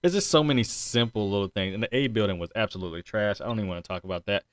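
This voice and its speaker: Chatty low-voiced young man hosting. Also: very fast, no echo. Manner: laughs a lot, loose and chatty. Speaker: podcast host. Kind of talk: casual chat.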